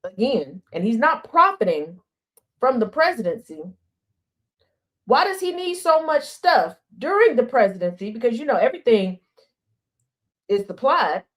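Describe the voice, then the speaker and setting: Woman ranting on her stream, sassy n sarcastic, kinda high voice, keeps repeating herself for effect. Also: very animated, moderate pace, pauses often, fairly bright tone. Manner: sassy, sarcastic, rhetorical questions, repetition. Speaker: news commentary host. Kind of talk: opinionated livestream commentary.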